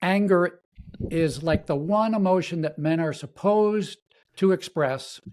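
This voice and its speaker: Middle-aged guy on a podcast, stops and restarts a lot, jumps way up when he acts out what people say. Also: a little mellow. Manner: halting and repetitive, acts out quoted lines with big pitch jumps. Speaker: guest. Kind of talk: conversational podcast interview.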